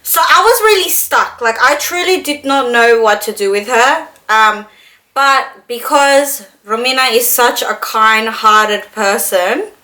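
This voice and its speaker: A young woman vlogger telling a personal story in a casual, animated way, full of "like" and swearing. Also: fairly high pitch, slow. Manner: animated, swears freely, fillers of "like". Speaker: beauty vlogger.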